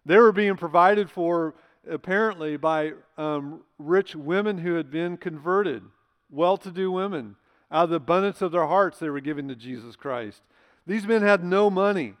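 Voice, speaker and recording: A man's voice: fairly high pitch, normal speed. A man pastor preaching a sermon in a church, emphatic and conversational, asking his listeners rhetorical questions. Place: church sanctuary. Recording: long church hall reverb.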